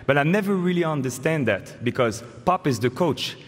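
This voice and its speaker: This honoree, a Frenchman in his forties with a French accent, delivers a joking induction speech full of stories from a podium. His voice sits a little high, expressive, at a moderate pace. The large hall sounds reverberant, with faint ambience.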